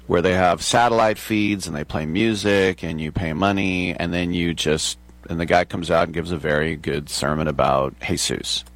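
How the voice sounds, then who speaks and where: A man's voice: sits low, fairly bright tone, no echo. A man hosting a talk show in a casual, digressive monologue, chuckling at his own asides.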